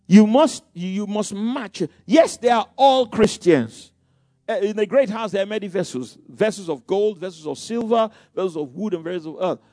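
A man's voice: high-pitched, moderate pace, mellow, no room sound, clean studio sound. A middle-aged man preaching a sermon in a conversational way, with many asides and repeated phrases.

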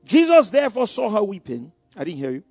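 A man preaching a sermon, calling out questions to the congregation and swinging from hushed tones to shouts. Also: high-pitched, huge pitch swings, fairly quick, breathy edge, no echo.

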